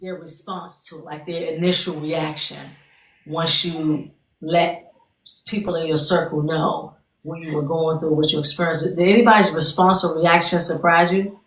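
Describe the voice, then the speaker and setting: A woman hosting a podcast, asking gentle, probing questions with a few restarts. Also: low voice, little pitch movement, normal speed. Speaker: podcast host. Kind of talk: podcast interview. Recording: echoey, distant, noisy mic.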